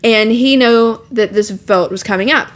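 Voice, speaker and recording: A woman's voice: fairly high pitch, normal speed. A young woman co-hosting a podcast, casually retelling a novel's plot with lots of fillers and swearing. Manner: animated retelling with profanity and "like" fillers. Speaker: podcast co-host. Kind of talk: casual book chat.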